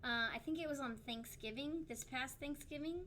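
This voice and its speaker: A woman's voice: high voice, normal speed, bright, forceful tone, a little hiss or hum. A young woman co-hosting a livestreamed talk show, telling stories in a loose, rambling way. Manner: rambling storyteller with many fillers and restarts. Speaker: podcast co-host. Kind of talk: casual chat on a livestream.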